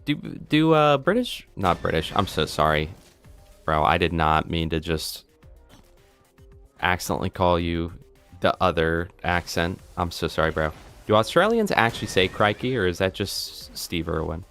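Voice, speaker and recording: A man's voice: low-pitched, moderate pace, fairly bright tone, soft background music. A man streaming a video game live, joking around and chatting to his viewers. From United States. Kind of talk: live gameplay commentary.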